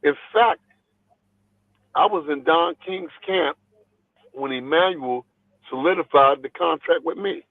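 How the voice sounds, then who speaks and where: A boxing trainer telling stories in a phone interview, talking in an animated, rambling way and repeating his words. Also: on the high side, a little slow, gravelly, long pauses, no echo. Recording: tinny phone line, dry.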